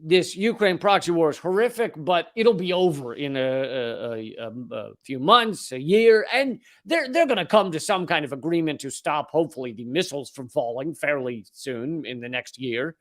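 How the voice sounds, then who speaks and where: A man's voice: on the high side, lively intonation, moderate pace, few pauses, a bit bright. A man hosting a live-stream commentary, reading from an article and breaking off into sarcastic, joking asides.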